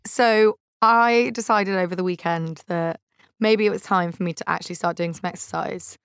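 A woman's voice: on the low side, fairly even intonation, normal speed, fairly bright tone, clean tone, dry recording, clean studio sound, soft background music. A young woman with a Scottish accent hosting a podcast, telling breezy, self-deprecating stories in a casual, chatty way. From Scotland. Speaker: podcast host.

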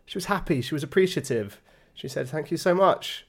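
A young man co-hosting a relaxed podcast. He tells everyday stories in a dry, understated way and downplays his own part with light irony. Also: on the high side, fairly quick, breathy edge. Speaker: podcast co-host. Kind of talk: casual chat.

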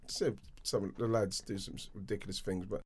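A man co-hosting a casual podcast chat, animated and quick to laugh. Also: sits low, slightly rough. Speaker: podcast co-host.

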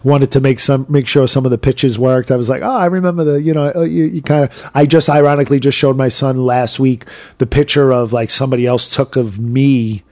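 Animated New man in his fifties, dark-toned, dry close sound, storytelling guest. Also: medium pitch, brisk, no room sound. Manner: animated, acts out quoted voices, swears freely. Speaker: podcast guest. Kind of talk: casual storytelling.

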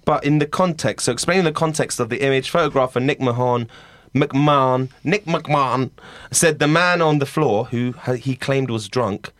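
A man's voice: medium pitch, no room sound. Chatty man hosting, dry sound. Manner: chatty, reading news aloud with laughs. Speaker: podcast host. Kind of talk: casual comedy podcast chat.

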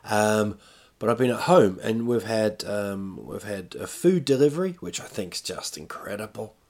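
A man's voice: fairly low pitch, lively intonation, normal speed, darkish tone. A man rambling in casual, self-mocking chat as a podcast host, talking from home while recovering from illness.

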